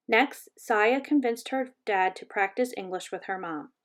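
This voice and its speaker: A woman reading a children's chapter book aloud in a gentle, measured storytelling voice. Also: medium pitch. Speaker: reader.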